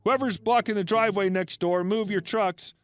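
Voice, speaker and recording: A man's voice: high voice, fairly even intonation, normal speed, smooth, lightly acted. A man reading the lines of a drunk, rude woman neighbor who is hosting a party, in a dismissive, slurred way.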